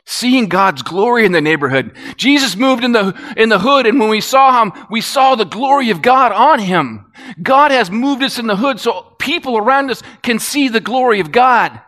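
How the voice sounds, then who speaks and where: A man preaching, telling a story with animated swings from excited to hushed. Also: very high voice, normal speed. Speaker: pastor. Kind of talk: sermon storytelling. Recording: long reverb of a large hall.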